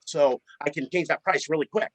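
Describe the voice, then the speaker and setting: A man who runs a flower shop, telling a story in a relaxed interview with plenty of repeated words. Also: fairly high pitch, brisk, no room sound. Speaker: florist and shop owner. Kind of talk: casual storytelling in a podcast interview.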